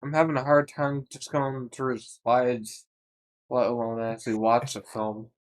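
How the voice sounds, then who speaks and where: A man co-hosting, chiming in with deadpan, crude jokes in casual banter. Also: mid-range voice, measured pace. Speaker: co-host.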